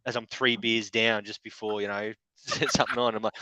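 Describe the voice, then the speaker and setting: A man's voice: lowish voice, flat delivery, moderate pace, bright, forceful tone, no room sound, dull audio. A man co-hosting a casual chat, joking cheekily, laughing often and swearing freely. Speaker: co-host.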